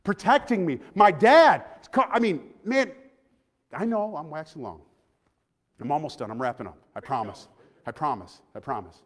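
A man preaching an emotional, heartfelt sermon, often dropping to a soft voice. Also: on the high side, lively intonation, normal speed. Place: church sanctuary. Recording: long reverb of a large hall.

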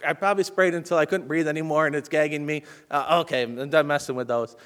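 Brief: male preacher, slightly high voice, animated storyteller who swings from urgent to hushed. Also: quick pace. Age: adult with children. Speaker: pastor. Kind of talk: storytelling sermon.

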